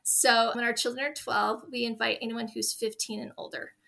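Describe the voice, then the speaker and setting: A woman's voice: on the high side, flat delivery, moderate pace, vocal fry, pushed and bright. A woman in her forties, a guest in a conversational interview, telling heartfelt stories in an earnest way.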